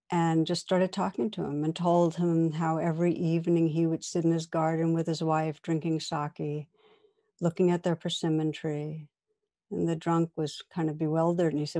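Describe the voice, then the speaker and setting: A woman meditation teacher giving a dharma talk, telling a story in a gentle, measured way that sometimes drops to a soft whisper. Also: low-pitched, little pitch movement.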